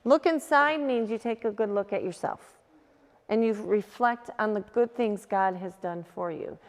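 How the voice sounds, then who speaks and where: A woman youth group leader giving a gentle, coaching talk, with frequent restarts and fillers. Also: medium pitch, unhurried, big-room sound.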